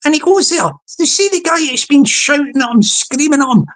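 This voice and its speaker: A woman's voice: sits high, expressive, fairly quick, few pauses. Woman with rambling solo, chatty and mocking, stumbles over repeats. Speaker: channel host. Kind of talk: casual rambling vlog monologue.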